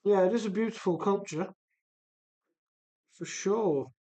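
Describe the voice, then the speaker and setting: A man's voice: high-pitched, unhurried, dark tone. A man with a mixed English Midlands and Welsh accent, hosting a casual live stream and chatting through viewer comments as he works. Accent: mix of English Midlands and Welsh. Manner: chatty, reads viewer comments aloud while rebuilding an RC car. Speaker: livestream host.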